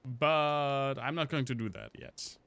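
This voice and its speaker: A man's voice: mid-range voice, slow pace, fairly bright tone, clean tone. A man casually commenting on a game stream, joking and chatting with his viewers while he plays. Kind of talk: casual gameplay commentary to chat.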